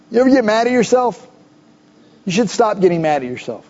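High, mellow-voiced preaching man. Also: brisk, long pauses, highs cut off. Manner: conversational, animated preaching with asides. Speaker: pastor. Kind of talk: sermon.

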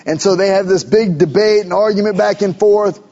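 A male pastor preaching a sermon in a conversational, animated storytelling way, with rhetorical questions. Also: high voice, brisk. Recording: dull lo-fi recording.

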